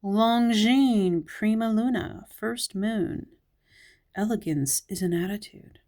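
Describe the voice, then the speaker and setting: A woman's voice: medium pitch, takes it slowly, darkish tone. A woman with a Southern US accent, casually flipping through a magazine and giving a musing commentary as she thinks aloud. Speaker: magazine reviewer.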